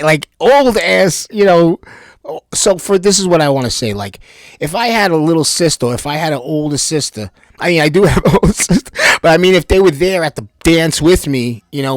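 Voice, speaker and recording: High-voiced man rambling animatedly. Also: no echo, clean studio sound. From Bayonne, New Jersey. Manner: animated, rambling, swears freely. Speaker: vlogger. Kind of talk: rambling personal monologue.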